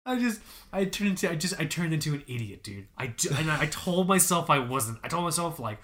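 Animated young man telling a story. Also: medium pitch, moderate pace. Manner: animated, swears, laughs often. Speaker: podcast co-host. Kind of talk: casual storytelling chat.

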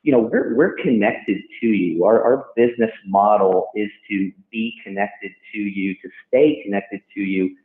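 A man hosting a podcast conversation, speaking in a measured, thoughtful way that hedges carefully. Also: lowish voice. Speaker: podcast host. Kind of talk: casual chat. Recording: tinny phone line in an echoey room.

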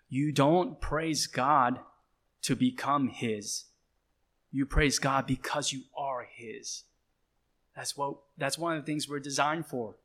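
This pastor's mid-range voice carries a fairly bright tone as he delivers his sermon. He repeats phrases and hammers each point with short, repeated calls, slowly and deliberately, with strong emphasis.

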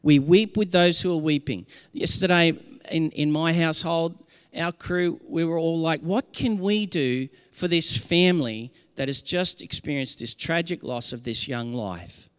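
A man's voice: a little high, unhurried, fairly bright tone, clear, resonant tone. Earnest preaching man in a reverberant hall. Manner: earnest, impassioned preaching with frequent restarts. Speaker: pastor. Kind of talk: sermon.

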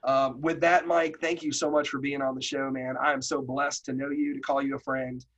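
A man hosting a podcast, telling a motivational story in a folksy, animated way. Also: medium pitch, normal speed, highs cut off. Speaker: podcast host.

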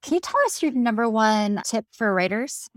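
A woman's voice: on the high side, expressive, moderate pace, dry recording. A woman podcast host asking admiring questions with frequent laughter. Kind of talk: interview chat.

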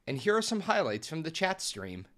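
A man, a streamer guest, teasing the others with drawn-out mock outrage and easy laughter. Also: fairly high pitch, very animated, a bit bright. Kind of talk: casual chat.

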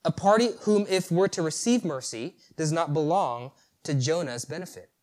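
A man preaching a sermon, animated, asking rhetorical questions and chuckling at the story. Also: on the high side, moderate pace.

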